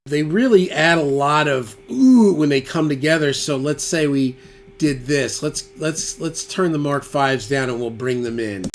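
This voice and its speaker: Speaking at a measured pace in a slightly high voice, a guitarist chats through a tone demo in a laid-back studio setting. He wonders aloud and trails off as he changes settings, loud electric guitar playing back in the background.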